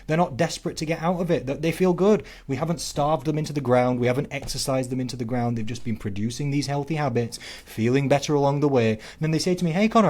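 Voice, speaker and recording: A man, a fitness coach co-hosting a podcast, talking in casual chat with punchy loud stresses and quiet asides. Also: a little high.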